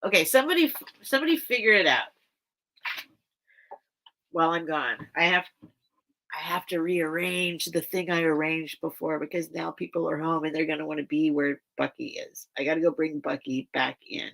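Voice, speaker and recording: A woman's voice: sits low, moderate pace, gravelly, fairly bright tone. A woman hosting a live vintage sale stream, rambling and interrupting herself in casual chat. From grew up by the beach. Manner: rambling, self-interrupting, chatty.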